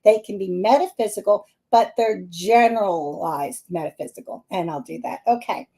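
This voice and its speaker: A middle-aged woman with a Philadelphia-area accent, hosting a live stream as a psychic medium and talking to her viewers in a chatty, animated way, laughing often. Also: mid-range voice, moderate pace.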